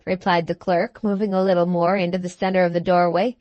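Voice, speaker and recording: A woman narrating a classic novel in a steady, measured storytelling voice. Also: mid-range voice, no echo. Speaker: audiobook narrator. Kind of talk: scripted audiobook narration.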